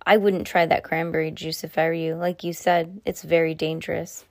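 A woman's voice: low voice, moderate pace, no echo, clean studio sound. A woman reading as a smug villain chef. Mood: menacing. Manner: smug, sarcastic, calmly threatening. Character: sly menacing male villain chef. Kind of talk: read-aloud storybook dialogue.

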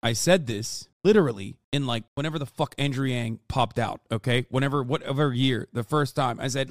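A man in his thirties streaming, reacting to a video with an angry, profane rant that bursts into shouts. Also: on the high side, brisk, few pauses, no echo, studio quality. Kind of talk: ranting reaction commentary.

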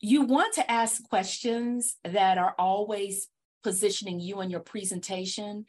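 A woman's voice: medium pitch, measured pace. Upbeat woman podcast host, laughing often. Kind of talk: conversational interview.

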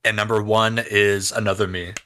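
A man's voice: lowish voice, level tone, moderate pace, noisy background. A man co-hosting a podcast, recapping events in casual chat, swearing and using slang. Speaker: podcast co-host.

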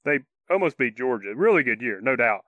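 A man's voice: medium pitch, sing-song, brisk, no room sound, phone-quality sound. A man co-hosting a casual sports talk show, opinionated and easygoing, chuckling often. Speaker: co-host.

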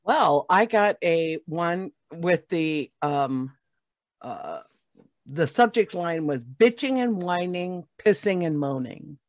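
A woman, talking slow and low-pitched on a comedy podcast. Her delivery is laid-back and dryly teasing but her pitch moves a lot, and the close, dry mic adds no room sound. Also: animated, no echo. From Alabama, US. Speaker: podcast guest. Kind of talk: casual comedy chat.

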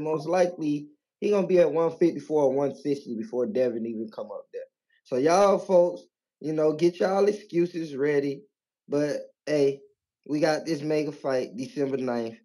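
A man's voice: on the high side, normal speed. A man calling into a boxing show, giving a heated, slangy opinion. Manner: heated, animated, trash-talking with slang. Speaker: caller. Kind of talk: casual call-in opinion.

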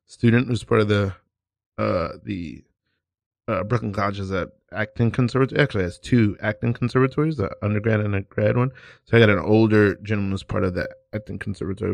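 A man who hosts a podcast and teaches improv, telling stories in a casual, animated way with self-interruptions. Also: on the low side, fast, gravelly, no echo. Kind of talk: casual chat. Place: radio studio. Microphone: studio microphone.

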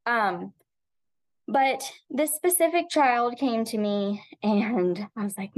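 Earnest woman in her thirties telling a personal story. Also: a little high. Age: 30s. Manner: earnest, heartfelt, halting with frequent ums. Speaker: podcast guest; teacher.

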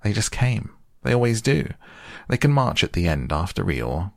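A man voicing a brisk, offhand rabbit. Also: on the low side, very animated, no echo, clean studio sound, voice pushed up. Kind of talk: soft bedtime storybook reading.

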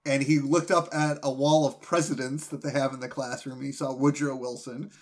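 A man's voice: medium pitch, little pitch movement, brisk. A man co-hosting a podcast, chatting casually and rambling with restarts. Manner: rambling, many restarts and fillers. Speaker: podcast co-host. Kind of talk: casual chat.

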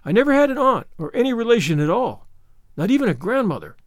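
A man's voice: very high-pitched, sing-song, quick pace, no echo, studio quality, voice pushed up. A man voicing an eager, imaginative orphan girl of about eleven in an audiobook, gushing and pleading. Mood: wistful. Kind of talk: audiobook character voice.

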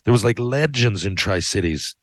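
Deep-voiced guy hosting a podcast, rambly and sweary, keeps losing the thread, dry close sound. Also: lively intonation, moderate pace, no echo. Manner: rambling, profane, self-interrupting. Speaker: podcast host. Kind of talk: casual storytelling. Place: his living room.

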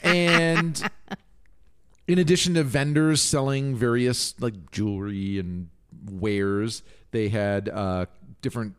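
A man's voice: mid-range voice, fairly even intonation, takes it slowly, clean tone. A man co-hosting a casual podcast, chatty and rambling, laughing often and swearing casually. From Minnesota, United States. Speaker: podcast co-host. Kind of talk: casual chat.

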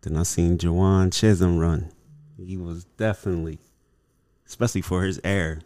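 Slangy laid-back podcast host, low voice. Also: male voice, fairly even intonation, normal speed, dark tone. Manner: loose, slangy, swearing, laughs easily. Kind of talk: casual podcast chat.

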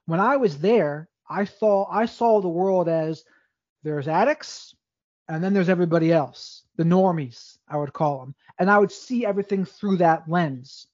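A man's voice: high-pitched, normal speed, a little mellow, no room sound, muffled recording. A man, a podcast guest, telling his life story in a candid, rambling way with frequent restarts. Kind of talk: casual storytelling interview.

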